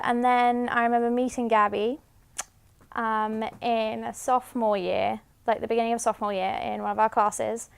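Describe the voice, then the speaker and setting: A woman's voice: a little high, fairly bright tone, clear, resonant tone. A young woman from England sharing a personal story in a documentary interview, chatty and upbeat. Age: young adult. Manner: chatty, lightly laughing storyteller.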